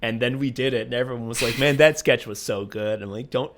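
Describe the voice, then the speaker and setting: A man's voice: medium pitch, fairly quick, slight background noise. A man co-hosting a podcast, rambling and joking in casual chat while reading listener messages aloud. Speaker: podcast co-host.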